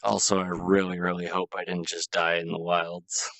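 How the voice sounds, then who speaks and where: A man's voice: deep voice, little pitch movement, normal speed, vocal fry, fairly bright tone, no echo, faint music behind. A man streaming a game live, chatting casually with viewers, exasperated and swearing often as he laughs between lines.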